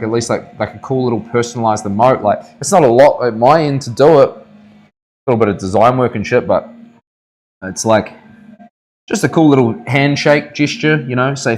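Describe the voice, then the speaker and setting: A man's voice: medium pitch, rough recording. A man with a New Zealand accent, a tattoo artist chatting casually on a live stream and rambling through stories with plenty of swearing. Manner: laid-back, sweary, rambling storyteller.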